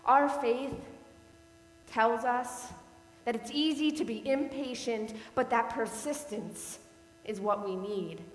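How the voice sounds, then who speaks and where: Slow-preaching woman pastor in a hall. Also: on the high side. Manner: slow, measured storytelling. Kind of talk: sermon. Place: church sanctuary. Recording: echoey hall with long reverb and faint hum.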